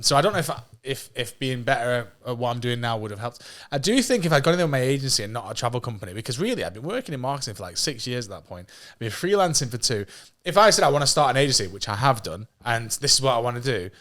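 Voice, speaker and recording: A man in his thirties from England, a podcast guest telling stories in a casual, animated way, swearing freely and laughing at his own jokes. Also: medium pitch, fast talker, few pauses. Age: 30s. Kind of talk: casual storytelling.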